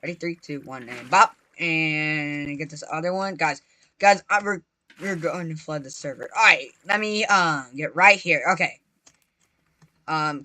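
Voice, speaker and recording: An excitable gaming creator giving live gameplay commentary, chatty and repetitive, constantly talking to viewers and bursting into shrieks when startled. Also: medium pitch, measured pace. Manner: repetitive, chatty, playful slang.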